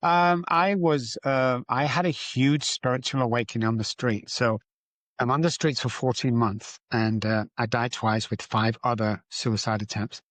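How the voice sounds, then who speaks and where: Male guest, mid-pitch, emphatic and repetitive, dry close recording. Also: steady tone, moderate pace, a bit bright, no echo. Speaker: guest, addiction recovery doctor. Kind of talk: candid interview storytelling.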